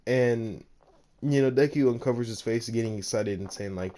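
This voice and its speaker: A man's voice: mid-range voice, moderate pace, mellow, slight background noise. A man casually narrating a fan-made story, rambling with lots of fillers and laughing at his own slips.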